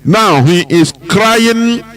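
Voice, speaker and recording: A Nigerian man hosts a political commentary broadcast, speaking very slowly with a fairly high voice. He stresses his words hard and stretches his phrases like a preacher making a point. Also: expressive, a bit bright, rough recording. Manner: emphatic, preaching, drawn-out phrases. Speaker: radio host.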